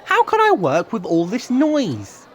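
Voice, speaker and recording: A man's voice: very high voice, wildly swooping pitch, unhurried, a faint crowd, voice pushed up, exaggerated voice. A man voicing a stern, formal male railway boss in a storybook reading. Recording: noisy home recording.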